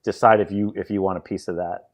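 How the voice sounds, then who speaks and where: A man's voice: low-pitched, steady tone, fast. A man hosting a podcast, chatting casually in rambling anecdotes with frequent restarts. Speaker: podcast host. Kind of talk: casual chat.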